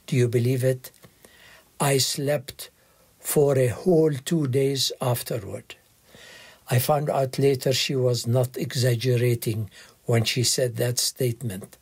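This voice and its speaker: Slow, husky-voiced man reading aloud. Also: mid-range voice, steady tone, darkish tone. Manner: slow, measured, earnest reading. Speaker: audiobook reader.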